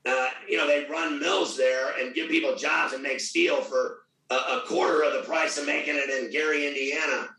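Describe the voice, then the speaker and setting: A middle-aged man with a gravelly voice, talking loudly, boastfully and with a lot of swearing in a casual interview. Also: fairly high pitch, steady tone, normal speed, hardly any pauses, far from the mic. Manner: loud, profane, boastful. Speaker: radio host guest. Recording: echoey room, off mic.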